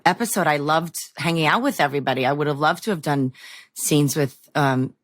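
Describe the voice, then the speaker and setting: A woman's voice: sits low, a little fast. A woman guest on a podcast, chatting casually and telling self-deprecating stories. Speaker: guest actor.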